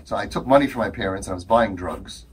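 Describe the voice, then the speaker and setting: Brief: a man playing a sarcastic young ex-addict, husky voice, rambling and mocking. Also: lowish voice, quick pace, voice pushed down. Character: sarcastic young man recounting drug recovery.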